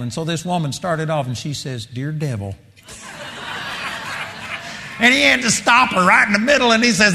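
A middle-aged man preaching a sermon, moving between hushed storytelling and loud, impassioned exhortation. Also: fairly high pitch. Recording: long hall reverb.

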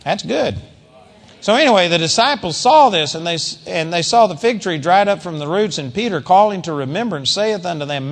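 Animated male preacher with a high voice, recorded in a reverberant hall. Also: normal speed. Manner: animated, conversational preaching with sudden loud peaks. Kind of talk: sermon.

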